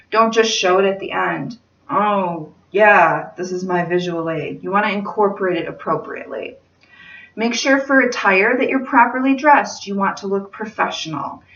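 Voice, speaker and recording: A woman teacher explaining speech requirements to her students in a clear, deliberate instructional manner. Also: mid-range voice, a bit bright. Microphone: phone camera at a distance. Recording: roomy, distant, dull phone-camera audio.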